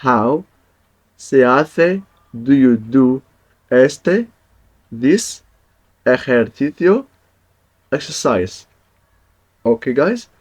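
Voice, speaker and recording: A man's voice: medium pitch, lively intonation, extremely slow, long pauses, slightly rough. A man teaching a Spanish lesson in English, patiently repeating each example and checking in with his viewers. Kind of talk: language lesson.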